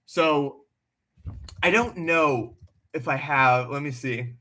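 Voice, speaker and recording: Bright-voiced man chatting on a livestream. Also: a little high, slow pace. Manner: blunt and animated, swears freely. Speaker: livestream host answering chat questions. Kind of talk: casual livestream chat.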